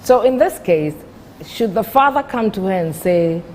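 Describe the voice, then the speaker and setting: A woman's voice: mid-range voice, expressive, moderate pace, a little mellow, long reverb tail, slight background noise. A woman hosting a TV talk show and asking her guests probing questions.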